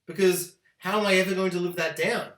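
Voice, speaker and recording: A man gives a ranting spoiler review of a TV show in an animated, profane, exaggerated way. His voice is high and bright. It sounds echoey, as in a bare room. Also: brisk. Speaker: TV review host.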